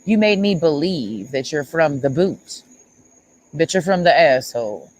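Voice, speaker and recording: A woman's voice: low-pitched, expressive, unhurried, a little hiss or hum, rough recording. A woman streamer ranting at someone in a sarcastic, mocking and confrontational way. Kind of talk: livestream rant.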